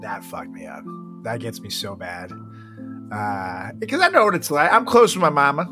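Young male podcast co-host, bright tone, crude laughing banter, light music bed. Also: mid-range voice, very animated, moderate pace. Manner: joking, laughs often, swears. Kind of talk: casual chat.

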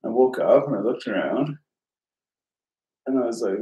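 A man's voice: medium pitch, unhurried, mellow. A man casually telling a rambling story, swearing often and filling with "like". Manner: rambling, heavy swearing, lots of fillers. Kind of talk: casual chat. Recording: roomy echo.

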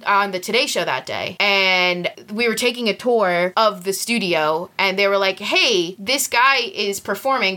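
A woman's voice: mid-range voice, sharp tone. A young woman chatting casually on a podcast, giggly and full of fillers. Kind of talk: casual chat.

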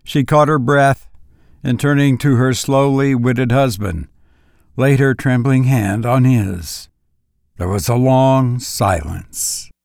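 A man reading a classic story aloud in measured, even scripted narration. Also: mid-range voice, vocal fry, no echo, clean studio sound. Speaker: audiobook narrator.

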